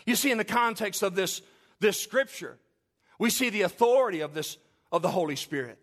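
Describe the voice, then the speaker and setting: Preacher with a high voice, lively storytelling. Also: male voice, a little fast. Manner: storytelling, swings from loud to soft. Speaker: pastor. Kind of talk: sermon. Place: church.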